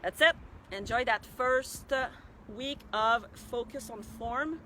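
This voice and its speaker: A woman's voice: fairly high pitch, slow, bright, forceful tone, slight background noise. A woman running coach giving a casual, chatty lesson on arm form, encouraging and full of restarts and asides. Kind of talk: casual instructional talk.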